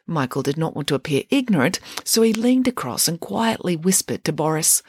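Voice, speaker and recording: A woman children's author hosts and narrates a bedtime story. Her voice sits on the low side but moves in a lively, expressive way. The recording is dry and close. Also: fairly quick, few pauses, breathy edge, no room sound. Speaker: children's author and podcast host.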